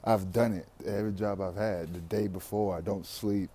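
A man's voice: sits low, fairly even intonation, moderate pace, dark tone, breathy edge. A young man, talking through his anxiety in a candid, rambling personal monologue full of slang and profanity.

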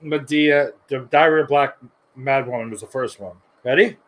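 A man's voice: medium pitch, normal speed, low-quality recording. A man in his thirties co-hosting a podcast, laughing and swearing as he jokes. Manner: laughing, profane joking. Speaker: podcast co-host. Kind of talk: casual podcast banter.

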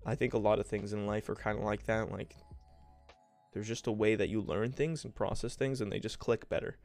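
A young man with a lowish, gravelly voice full of fry, hosting his own podcast. He rambles through stories in a casual, profane, self-mocking way, close to a home mic with faint music underneath. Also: steady tone, a little fast, darkish tone. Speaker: podcast host. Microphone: home desk mic.

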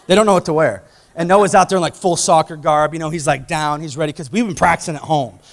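A man preaching a sermon, telling a personal story in an animated way with many "like" fillers and sudden bursts of shouting. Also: a little high, quick pace. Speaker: pastor. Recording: long church hall reverb.

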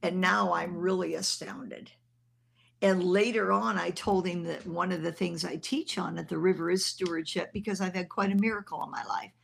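A woman's voice: lowish voice, fairly even intonation, moderate pace, creaky, slightly rough. An older woman minister telling a personal testimony in an earnest, conversational way. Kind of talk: testimony storytelling.

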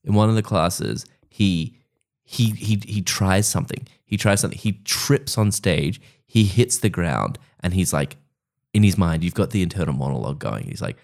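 A man in casual improvised comedy chat, animatedly acting out characters in quick asides. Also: low-pitched, lively intonation, vocal fry, darkish tone.

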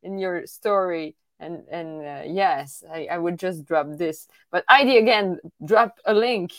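A woman's voice: fairly low pitch, measured pace, fairly bright tone. A woman hosting an interview, speaking hesitantly and repeating words as she goes. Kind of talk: conversational interview.

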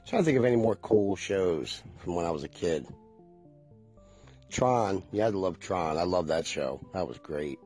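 A man's voice: low voice, animated, normal speed, a little mellow, husky, soft background music. A man in his forties chatting casually to viewers, rambling and nostalgic and swearing freely.

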